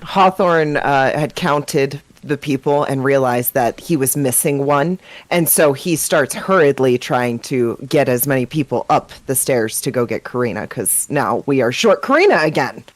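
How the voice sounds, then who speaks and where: A woman with a low voice describes what her character does in a tabletop game. Her delivery is lively and swoops up and down, recorded very dry and close. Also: normal speed, few pauses, no room sound. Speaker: player.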